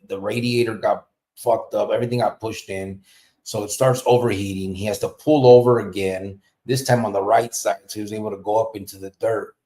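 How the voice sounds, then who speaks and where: A man hosting a podcast, telling a story in a casual, profane, animated way. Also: on the low side. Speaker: podcast host. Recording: roomy echo.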